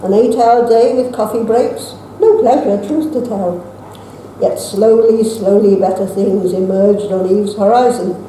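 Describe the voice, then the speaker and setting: A woman reading her own rhyming poems at an open mic in a steady recitation, with wry asides between them. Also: medium pitch, measured pace, a little hiss or hum. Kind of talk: poetry reading. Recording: echoey room with faint ambience.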